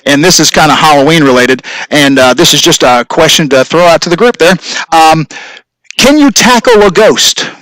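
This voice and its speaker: Bright, chatty male livestream host. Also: fairly high pitch, steady tone, a little fast, no room sound, low-quality recording. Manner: rambling, chuckles at own corny jokes. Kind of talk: casual livestream chat. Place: home workshop studio.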